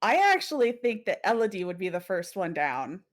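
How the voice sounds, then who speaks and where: A woman's voice: medium pitch, sing-song, moderate pace. A woman co-hosting a casual chat about a horror game, talking animatedly, swearing and laughing often. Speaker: co-host.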